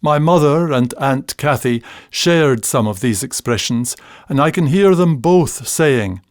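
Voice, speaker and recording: An older man from Scotland reading a fond memoir about family dialect in an unhurried storytelling way. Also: mid-range voice, animated, dry recording, studio quality. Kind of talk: scripted memoir narration.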